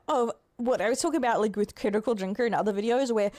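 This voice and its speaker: A woman's voice: a little high, animated, moderate pace, a little mellow. A woman streamer reacting casually, chatty and stammering, often breaking into laughter.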